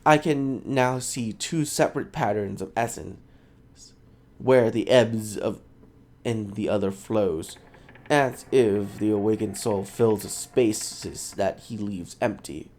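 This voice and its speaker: A man voicing an eager, fussy woman scholar who studies souls, in a raised, excited voice. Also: slow. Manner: excited, clinical, high-pitched.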